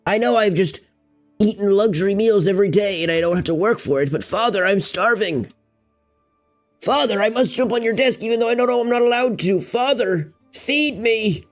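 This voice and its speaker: A man's voice: sits high, normal speed, soft background music, voice pushed up, natural voice. A man voicing his spoiled male house cat, who melodramatically begs his owner for food in a pleading voice. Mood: whiny pleading.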